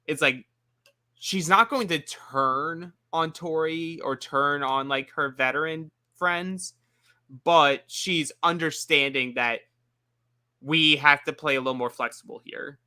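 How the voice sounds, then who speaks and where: A man's voice: on the high side, slow pace, sharp tone, clean tone. A man co-hosting a casual recap show, rambling with lots of filler words. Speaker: after-show co-host.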